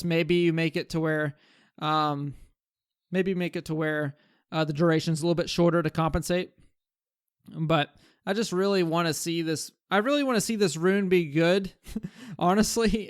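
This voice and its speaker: A gaming content creator with a high, clear, resonant voice talks casually about changes he wants in a game. He rambles with fillers and restarts as he thinks aloud, recorded dry with studio quality.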